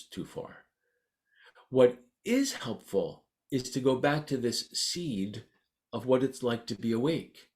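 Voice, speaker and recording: A man teaching meditation in a gentle, unhurried, conversational dharma talk. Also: mid-range voice.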